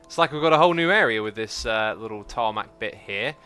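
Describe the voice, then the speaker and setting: A man hosting a live gameplay stream, chatty and excitable, thinking aloud and reading out chat messages. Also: fairly low pitch, brisk, clean tone, faint music behind. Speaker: livestream host.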